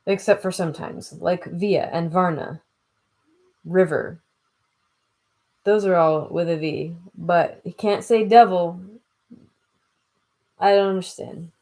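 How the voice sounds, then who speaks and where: A woman's voice: on the low side, slow pace, long pauses, dark tone. A woman reading a classic novel aloud and breaking off for casual, chatty asides, stumbling over old words and laughing at herself. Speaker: audiobook reader.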